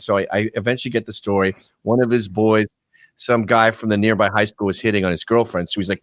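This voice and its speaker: Born in England and raised in Canada, this middle-aged man has a mild Canadian accent and tells anecdotes as a podcast guest in a lowish voice at a quick pace. He's an animated storyteller who shouts out quoted lines. The podcast mic sounds dry and slightly dull, with no room sound.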